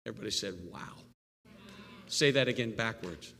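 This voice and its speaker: A male pastor giving a live sermon, animated and playful, with jokey asides and call-and-response with the congregation. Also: on the low side, moderate pace, slight background noise. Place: church sanctuary. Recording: long reverb of a church hall.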